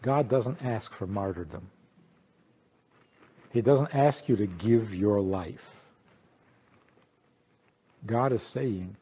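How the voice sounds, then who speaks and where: A rabbi teaching a lively lecture, teasing his listeners with rhetorical questions. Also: lowish voice, takes it slowly, pauses often, slightly rough.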